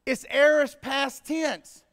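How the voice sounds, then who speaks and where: High-voiced preacher in echoing hall. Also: male voice, steady tone, slow pace. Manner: preaching with sudden loud emphatic bursts. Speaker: pastor. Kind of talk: sermon. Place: church sanctuary. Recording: long reverb in a church hall.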